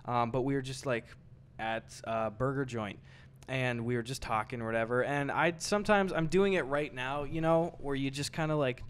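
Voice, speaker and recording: A young man telling a story on a podcast in animated, loose casual chat. He swears freely and mimics the people in the story. His voice sits at an ordinary middle pitch. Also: moderate pace, clean tone. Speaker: podcast co-host.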